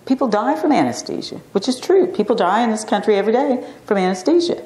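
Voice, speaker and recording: Middle-aged woman teaching a class, mellow and a bit low, animated when quoting, recorded in a roomy classroom. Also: fast. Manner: chatty storyteller, acts out quotes animatedly. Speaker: acupuncture physician giving a class talk. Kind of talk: informal classroom lecture. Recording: echoey classroom.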